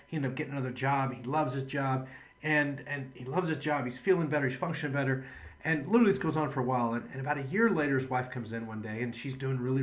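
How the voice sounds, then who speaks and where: A man in the role of a chiropractor talks patients through his ideas in an earnest, chatty way. He tells stories from his practice in a plain, conversational manner, at an ordinary pitch for a man. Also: a bit bright, a little hiss or hum. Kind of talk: patient education video talk.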